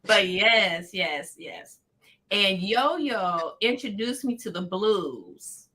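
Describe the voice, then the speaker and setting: A woman, hosting a casual chat and telling stories in a lively, slangy way. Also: medium pitch, extremely slow. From Detroit. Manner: animated storyteller, slangy and laughing. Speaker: host.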